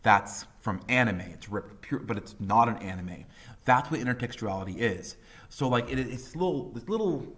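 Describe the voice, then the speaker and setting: A man in his thirties gives a loose, chatty English lesson. His voice sits fairly low, and he drops into quick voices when quoting people. His talk is full of ums and likes. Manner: casual and animated, with many fillers and voiced quotes. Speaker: high school English teacher. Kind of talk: classroom lecture.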